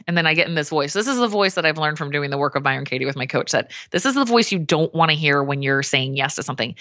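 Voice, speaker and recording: A woman with a low-pitched voice chats as a podcast guest, animated and open, often putting on short voices for her own thoughts. The sound is close and dry, a little dull and lo-fi. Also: quick pace, hardly any pauses, dry recording. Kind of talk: casual podcast conversation.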